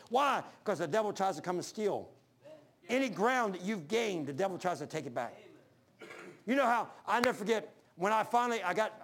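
High-voiced man preaching a folksy sermon. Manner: storytelling with quick shifts between loud highs and low murmurs; folksy, says "man" often.

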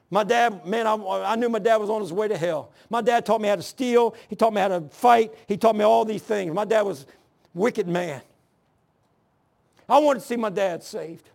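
An older man in his sixties preaching from the pulpit of a church, his voice sitting high for a man and grainy with gravel. He tells his own testimony in a folksy, earnest way with rough, plain grammar, moving between scripture and personal stories.

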